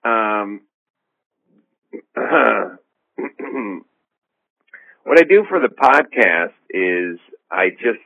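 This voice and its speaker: Over a dull lo-fi phone line, a male comedian who hosts a podcast gives an interview, meandering and sardonic with a self-assured edge. His voice is low.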